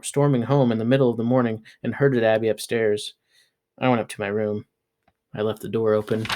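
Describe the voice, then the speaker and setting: Man, medium pitch, steady novel reading, plain delivery. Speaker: reader.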